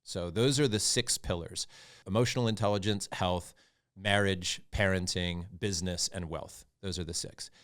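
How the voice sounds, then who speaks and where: Middle-aged man, low voice, candid interview guest who tells stories earnestly and reflectively. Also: normal speed. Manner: earnest and reflective, animated when recounting stories. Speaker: podcast guest, founder of a fathers' group. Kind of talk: candid conversational storytelling.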